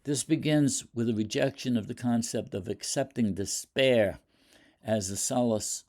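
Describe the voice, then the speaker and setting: A man lecturing on poetry, talking deliberately, with fillers and restarts. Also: mid-range voice, a little mellow. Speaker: literature lecturer. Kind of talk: explaining poetry.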